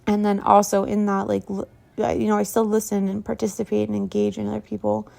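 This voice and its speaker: Soft, dark-voiced woman rambling in a vlog. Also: medium pitch, completely flat delivery, fairly quick, gravelly. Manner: rambling, soft-spoken, trailing off with fillers. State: runny nose from allergies. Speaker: meditation vlogger. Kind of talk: casual diary-style vlog.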